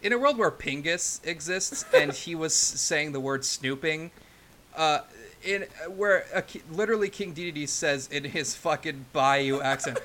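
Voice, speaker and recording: A man's voice: a little high, a little slow, sharp tone, a little hiss or hum. A young man co-hosting a podcast, joking irreverently and swearing casually. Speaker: podcast co-host.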